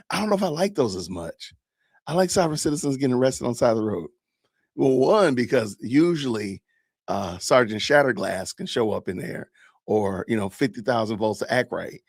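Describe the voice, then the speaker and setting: A man's voice: mid-range voice, no room sound, clean studio sound. A middle-aged man hosting a live stream, chatting animatedly and laughing often as he reacts to videos. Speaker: podcast host. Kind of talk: live-stream commentary on body cam videos.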